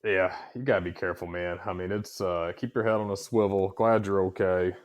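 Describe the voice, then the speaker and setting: A man's voice: low voice, little pitch movement, fairly quick. A man co-hosting a podcast, telling stories in crude casual chat and swearing a lot. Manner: profane storytelling, swears constantly. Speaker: podcast co-host.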